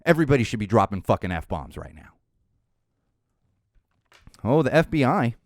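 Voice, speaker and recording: A man hosting a podcast, giving opinionated political commentary in an animated, ranting way and swearing freely. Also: medium pitch, moderate pace, dry recording, studio quality. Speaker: podcast host.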